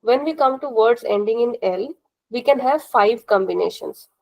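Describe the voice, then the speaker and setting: A woman teaches an online class in a slightly raised voice. She is patient and methodical, going over each rule again and asking students whether it is clear. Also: a little high, lively intonation, normal speed, rough recording. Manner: patient, repeats rules and checks understanding. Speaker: language teacher. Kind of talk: live online class instruction.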